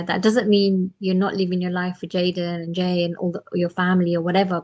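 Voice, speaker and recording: A woman guest giving encouraging advice in a steady, affirming way. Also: fairly low pitch. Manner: steady, affirming, fills gaps with "mm" and "yeah".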